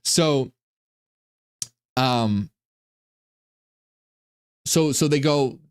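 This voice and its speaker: A man talks through ancient religious texts in a loose, irreverent commentary, often restarting his sentences. His pitch swoops widely as he gets excited, around a mid-range speaking voice. He sounds like a casual online explainer. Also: moderate pace. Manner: animated, irreverent, stumbling restarts.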